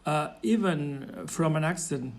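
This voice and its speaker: Man, casual chat, hesitant, repeats his words, politely asks, fairly high-pitched. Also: takes it slowly. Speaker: listener asking for feedback.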